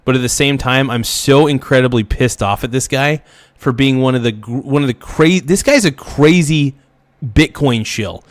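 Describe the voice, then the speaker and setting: A man of middle pitch rants through an angry reaction video. He swears freely, repeats himself and keeps building his outrage. The sound is dry and close. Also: normal speed, no echo. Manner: heated, profane, ranting with repeated phrases.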